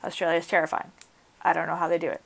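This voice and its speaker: A woman teacher reading a story aloud to her students and explaining it in a casual, chatty way, with expressive emphasis on the quoted passages. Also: lowish voice, rapid-fire, vocal fry. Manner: casual, chatty asides with fillers and light laughs.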